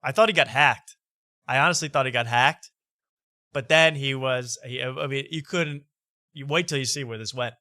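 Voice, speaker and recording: The host of a late-night comedy talk show speaks in a bright, edgy voice at medium pitch and a moderate pace. He mocks what he reads aloud and laughs often, and the sound is dry and close, with no echo.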